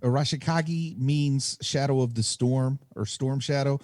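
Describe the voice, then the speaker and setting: A man's voice: medium pitch, measured pace, a little mellow, no echo, studio quality. A man co-hosting a casual movie podcast, sharing trivia and laughing easily. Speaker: podcast co-host.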